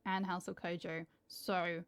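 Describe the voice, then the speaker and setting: A woman's voice: on the low side, little pitch movement, unhurried, clean tone. A tired British woman, a houseplant vlogger, chatting casually and gushing over her new plants. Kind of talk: casual vlog chat.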